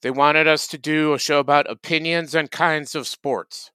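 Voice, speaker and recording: Male comedy podcast co-host, mid-pitched smooth voice, deadpan and cocky, dry close mic. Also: normal speed, no echo. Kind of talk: casual comedic podcast banter.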